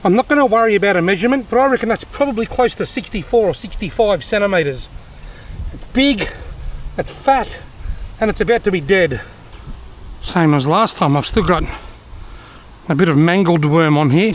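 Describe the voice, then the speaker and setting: Out by a river, a middle-aged Australian fishing vlogger keeps up casual commentary to his camera, talking to himself and cracking dry jokes. His voice is fairly high for a man, and faint noise sits in the background.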